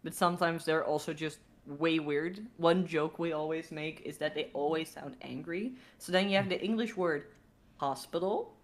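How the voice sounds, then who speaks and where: A woman's voice: sits low, moderate pace. A young Dutch woman with a Dutch accent, chatting casually as a podcast guest and laughing often. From Netherlands. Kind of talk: casual chat.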